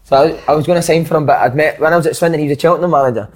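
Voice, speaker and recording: A man's voice: on the high side, rapid-fire. A man, a former footballer, co-hosting a podcast and telling sweary stories in casual banter. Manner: swearing storyteller, acts out quotes.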